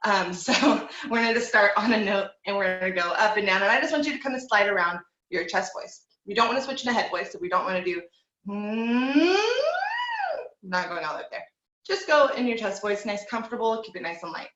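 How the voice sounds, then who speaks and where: A young woman teaching an online group voice class, speaking in a relaxed, encouraging way and demonstrating with hums and slides. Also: mid-range voice, fast talker, hardly any pauses. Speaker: vocal teacher. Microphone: video call. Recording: dull, echoey room sound.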